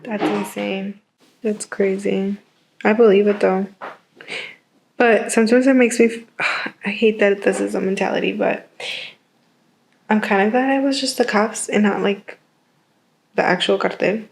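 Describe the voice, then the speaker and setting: A woman's voice: medium pitch, steady tone, measured pace, gravelly, long pauses. Slangy young woman podcast host. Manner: slangy, keeps asking questions. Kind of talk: casual podcast chat.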